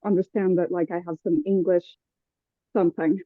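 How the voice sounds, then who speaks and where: A woman's voice: fairly low pitch, steady tone, normal speed, no room sound. A woman who grew up in France and speaks Swedish as her first language, chatting hesitantly in English on a video call. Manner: hesitant, laughs off her answers. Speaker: guest YouTuber. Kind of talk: casual video-call chat. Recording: dry, phone-like call audio.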